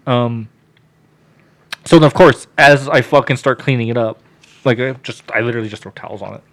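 A man sits at a podcast mic telling a long personal story, his pitch right in the ordinary middle. He swears freely and slips into the voices of the people he is quoting. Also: a little fast, long pauses. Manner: animated, swears freely, acts out dialogue.

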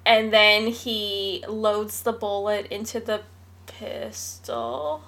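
A woman's voice: mid-range voice, takes it slowly, sharp tone. A woman co-hosting a casual podcast chat, retelling film scenes and quoting lines as she goes. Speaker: podcast co-host.

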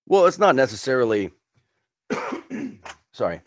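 A man's voice: medium pitch, sing-song, takes it slowly, no echo. A man co-hosting a podcast, chatting casually in a rambling, laid-back way with small chuckles. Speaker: podcast co-host. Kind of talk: casual chat.

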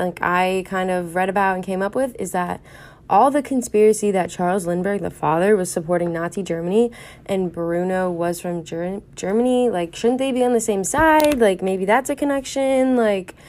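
A young woman tells a true-crime story as a podcast host, in a loose, chatty way. She wonders aloud and piles in filler words as she goes, with her pitch sitting in the middle of the range. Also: normal speed, a little mellow.

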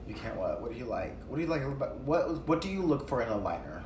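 Chatty guy with a lively, bouncing delivery, heard a bit off-mic in a noisy, echoey room. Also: mid-range voice, fast, recorded from a distance. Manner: chatty, animated storytelling. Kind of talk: casual chat while doing makeup.

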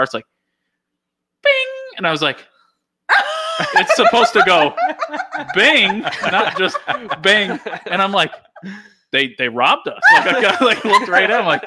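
A man's voice: on the high side, sharp tone, a little hiss or hum. A young man telling an anecdote in a casual chat, laughing and acting out what people said. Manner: laughing storyteller, acts out quotes. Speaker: storyteller guest.

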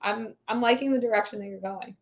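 A woman's voice: on the high side, steady tone, quick pace. A woman co-hosting a sports betting podcast, chiming in and agreeing in a casual way. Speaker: podcast co-host.

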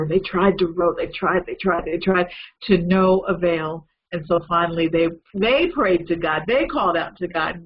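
A man preaching a lively, conversational Bible lesson, retelling a story with asides to his listeners. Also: high-pitched, moderate pace, highs cut off, slight background noise. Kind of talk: storytelling sermon.

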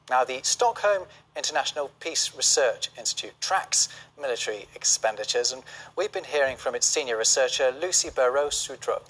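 A man anchoring a news programme, reading scripted business news in a measured, formal way. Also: medium pitch, fairly bright tone, rough recording.

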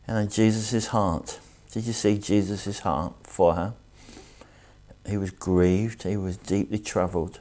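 A man preaching a sermon and reading scripture aloud, earnest and reflective, slowing down to stress key words. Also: deep voice, fairly even intonation, darkish tone. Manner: earnest, reflective, slows down for emphasis.

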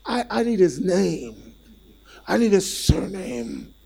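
A man preaching a sermon as a visiting speaker, telling a story in an animated and self-deprecating way. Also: high voice, takes it slowly, creaky, slightly rough.

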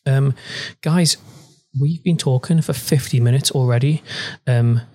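A man's voice: mid-range voice, a little slow, darkish tone. A man hosting a podcast in a casual chat, friendly and talkative with frequent ums and restarts, on a proper studio microphone. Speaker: podcast host. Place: at home during lockdown.

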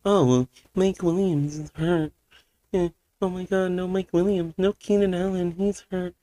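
A man's voice: sits high, fairly even intonation, unhurried, dark tone, pitched above the performer's own voice. A man mimicking a whiny sports fan who makes excuses for his team. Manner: mocking, whining.

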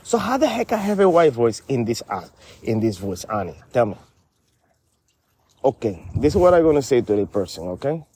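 A man doing a brash, streetwise loudmouth with a Spanish-inflected accent, swinging wildly up and down in pitch as he rambles. The voice has a husky edge, and he calls everyone honey in a comedy sketch. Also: big pitch swings, moderate pace. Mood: scolding. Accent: Spanish-inflected English. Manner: rambling, streetwise slang, theatrical outbursts.

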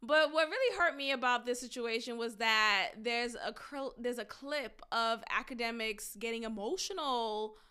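A woman hosting a solo commentary podcast, talking in an emphatic, drawn-out, deliberate way. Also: on the high side, bright, forceful tone, smooth. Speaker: podcast host.

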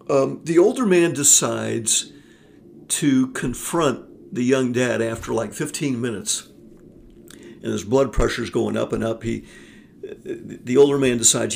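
A man's voice: mid-range voice, unhurried, pauses often, a little mellow, slight background noise. A man telling a story in a casual, earnest vlog monologue, with frequent fillers and restarts. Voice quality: gravelly. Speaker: vlogger on forgiveness.

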